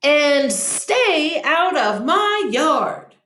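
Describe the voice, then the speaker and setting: A woman voicing a grumpy cactus who wants to be left alone, yelling in a slow, cranky way, recorded in an echoey room. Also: very high voice, expressive, pitched above the performer's own voice, exaggerated voice. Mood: grumpy shouting.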